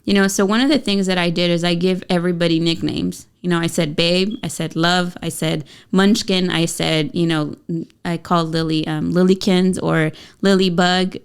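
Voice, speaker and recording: Woman, 30s, parenting podcast co-host, candid chatty delivery, resonant and slightly low. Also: fairly even intonation, normal speed, gravelly, hardly any pauses, smooth. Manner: candid and chatty, with many fillers. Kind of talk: casual parenting podcast chat.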